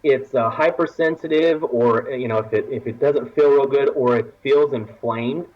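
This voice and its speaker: Guest storyteller from Texas, husky and lively, laughs through his own tale; muffled lo-fi audio. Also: medium pitch, moderate pace. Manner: laughing often, acting out quoted voices. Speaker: podcast guest. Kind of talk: casual storytelling.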